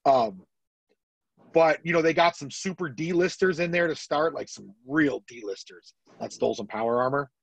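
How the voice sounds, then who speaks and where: A man co-hosting a podcast, talking in excitable, jokey bursts in casual chat. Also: a little high, normal speed, creaky, husky, dry recording, low-quality recording. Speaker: podcast co-host.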